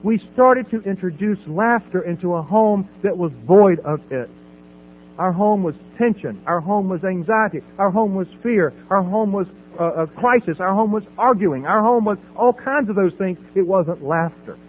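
A middle-aged man with a high voice tells his recovery story from a podium. He acts out the voices in his dialogue and laughs at himself. The sound is tinny and phone-like, with a faint mains hum underneath. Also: moderate pace. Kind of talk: personal testimony from a podium. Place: meeting hall at a podium.

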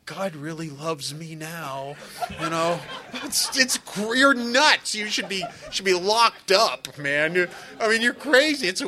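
A man speaking at a recovery meeting and telling humorous stories in a joking, conversational way. He often drops into quiet asides and then breaks into loud, excited bursts. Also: high voice. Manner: joking, conversational, full of "you know" and "man". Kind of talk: humorous storytelling talk.

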